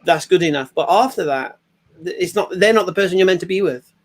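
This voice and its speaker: A man's voice: high-pitched, fast. A man telling stories animatedly in a casual group chat. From England. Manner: animated storyteller, acts out quoted voices. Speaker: panel guest sharing stories.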